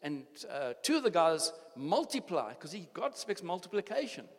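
Preaching to his flock, this older pastor with a South African accent hammers his message through repetition and keeps restarting his sentences. His somewhat high male voice swings widely in pitch at a moderate pace, while the church hall's long reverb lingers after every phrase.

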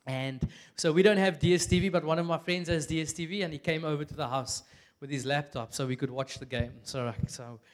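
In a church, a young man with a high voice and a South African accent delivers a casual, humorous sermon. He's chatty and animated, like a friend spinning a story, packed with "like," quick asides and bursts of laughter.

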